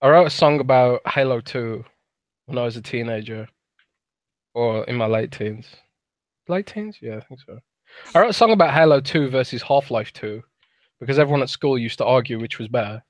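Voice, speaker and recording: A British man in his thirties talking casually on a podcast, at an ordinary middle pitch. He thinks aloud with frequent restarts, and his voice sounds dry and close to the mic. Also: moderate pace, no room sound. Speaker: podcast co-host.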